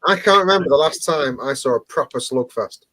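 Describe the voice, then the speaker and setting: A man's voice: mid-range voice, lively intonation, brisk, bright, forceful tone. A man chatting on a live stream in a blunt, crude, opinionated way. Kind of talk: casual chat on a live stream.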